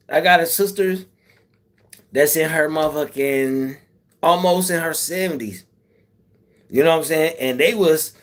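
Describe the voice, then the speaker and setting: A man talks loosely to his live chat, answering viewers by name. His voice stays easygoing and unhurried, peppered with curses and easy laughter. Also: fairly high pitch, a bit bright. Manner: laid-back, swearing, laughs often. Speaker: YouTube livestream host.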